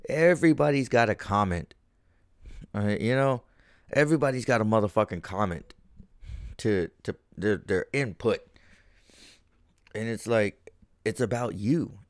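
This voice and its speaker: A man's voice: medium pitch, no room sound. Profane, ranting man with a dry sound. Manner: profane, ranting, gets heated. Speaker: podcast host. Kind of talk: casual solo podcast monologue.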